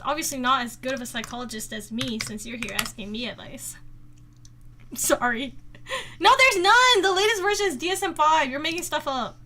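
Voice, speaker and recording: A woman's voice: high-pitched, bright, forceful tone, slight background noise. A woman livestreamer chatting casually with her viewers, teasing and giggly with a playfully sarcastic edge, speaking into a desk microphone at home. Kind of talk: casual chat with live viewers.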